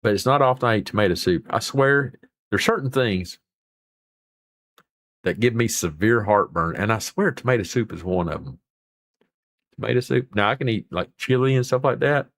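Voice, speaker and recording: A man hosts a casual livestream, rambling folksily and cursing mildly as he answers comments. His voice sits fairly low with a gravelly texture. The sound is dry and close, with no room around it. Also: animated, normal speed, long pauses, fairly bright tone, no echo. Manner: rambling, folksy, mild swearing. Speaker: livestream host. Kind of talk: casual chat reading viewer comments.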